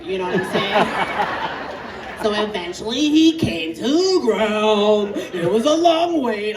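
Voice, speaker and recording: A woman in her thirties from Canada doing a stand-up comedy set on an outdoor stage, animated and laughing through her punchlines. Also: medium pitch, background noise. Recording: echoey outdoor set from a distance, crowd laughter.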